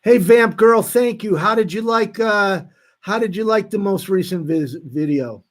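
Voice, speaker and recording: A man hosting a live stream, reading out viewer comments in a casual, halting way with frequent restarts. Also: sits high. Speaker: livestream host reading chat.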